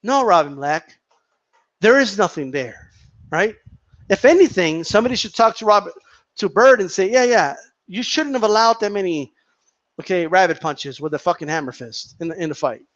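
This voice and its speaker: A man's voice: sits high, animated, moderate pace, a bit bright, muffled recording. A man giving an opinionated, profane rant as a boxing commentator, repeating and tripping over his words.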